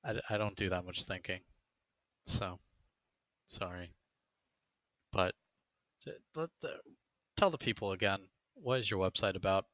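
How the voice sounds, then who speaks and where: A man's voice: deep voice, a little slow, long pauses, sharp tone, dry recording. A young man hosting a casual podcast, easygoing and self-deprecating. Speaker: podcast host.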